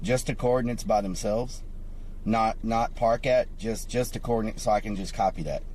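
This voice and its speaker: A man's voice: lowish voice, moderate pace, darkish tone, a little hiss or hum. A man streaming live outdoors near water, chatting casually with his viewers.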